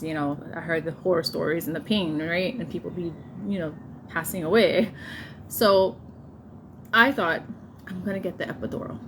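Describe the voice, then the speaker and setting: A woman's voice: fairly low pitch, background noise. Laughing woman telling a story. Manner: laughs often while telling a story, animated in quoted lines. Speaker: vlogger telling a birth story. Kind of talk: casual storytelling.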